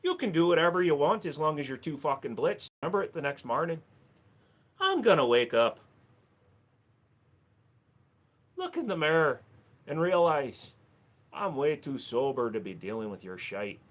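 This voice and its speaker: A man's voice: on the high side, sing-song, normal speed. A man voicing a drunk, rowdy Irish man with brash stage-Irish bravado. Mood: boozy.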